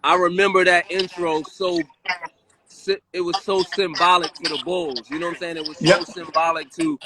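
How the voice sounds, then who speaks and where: A man speaks from his home office as a guest on a live stream, relaxed and rambling, often checking in with "you know what I'm saying". His voice sits a bit high, and a clear hiss of noise runs under the stream audio. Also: moderate pace. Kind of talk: casual live-stream chat.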